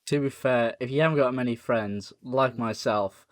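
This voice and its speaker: A man's voice: medium pitch, normal speed, no room sound. A man co-hosting a podcast in casual chat, teasing and self-deprecating, often restarting his words. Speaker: podcast co-host.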